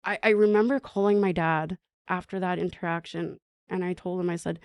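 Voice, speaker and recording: A woman from northern Manitoba, candidly telling her own recovery story as a podcast guest, halting and restarting often. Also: lowish voice, steady tone, a little mellow, clear, resonant tone, dry recording. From northern Manitoba, Canada. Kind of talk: personal recovery story, conversational.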